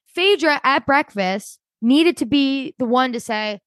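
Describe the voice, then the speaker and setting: A woman co-hosting a casual podcast chat, retelling scenes in an animated way and laughing often. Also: sits high, unhurried, no echo. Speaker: podcast co-host.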